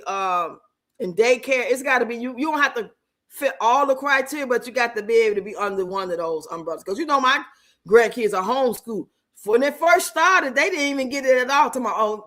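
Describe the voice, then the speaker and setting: Bright high-voiced woman, animated chat. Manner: animated, brassy, laughs often. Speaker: livestream host. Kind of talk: casual livestream chat.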